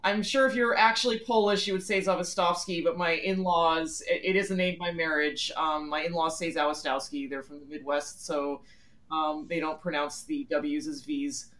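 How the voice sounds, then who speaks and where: A woman's voice: sits low, fairly even intonation, normal speed, fairly bright tone. A woman in her forties from the Philadelphia area, a guest on a phone call, answering in a chatty, frank and self-deprecating way with many fillers. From Philadelphia area, USA. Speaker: interview guest. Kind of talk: conversational interview answers.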